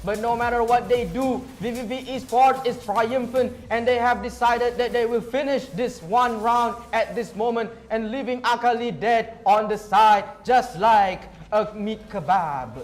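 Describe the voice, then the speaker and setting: A young man with a high, light voice calls an esports match play by play. He talks in a playful, joking way, with faint music running under him. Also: a little slow, few pauses. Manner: joking, playful banter with co-caster. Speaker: esports caster. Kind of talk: play-by-play game commentary.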